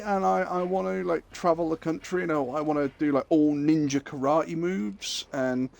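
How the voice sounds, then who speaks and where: A man's voice: a little high, fairly even intonation, moderate pace, creaky, few pauses, darkish tone. A man streaming live, telling crude, jokey stories in a rambling, casual way.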